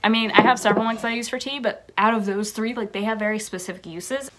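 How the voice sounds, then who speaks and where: Giggly young woman vlogger, high voice. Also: fairly even intonation, fast, heavy background noise. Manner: rambling, giggly, says "like" a lot. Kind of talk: casual show-and-tell vlog. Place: bedroom.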